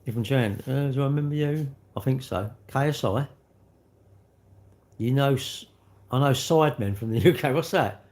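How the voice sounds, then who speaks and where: A man's voice: mid-range voice, moderate pace, long pauses, darkish tone. Chatty British man ranting on a livestream. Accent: British English. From United Kingdom. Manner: chatty, rambling, acts out little dialogues. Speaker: livestream host. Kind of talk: casual livestream chat.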